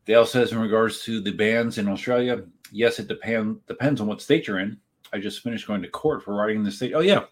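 A man's voice: fairly low pitch, a little fast. A man hosting a casual livestream, reading viewer comments aloud and rambling in reply. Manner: rambling, chatty, reads chat aloud and answers. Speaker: livestream host. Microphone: desk setup while live streaming.

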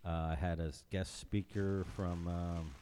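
A man hosting a casual podcast chat with friends, rambling and halting with lots of fillers. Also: low voice, little pitch movement, dark tone, a little hiss or hum. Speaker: podcast host.

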